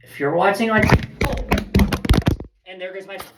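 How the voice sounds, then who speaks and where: A woman's voice: mid-range voice, normal speed, very noisy. A woman giving a casual, rambling, fired-up baseball recap as host of a fan show. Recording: echoey room.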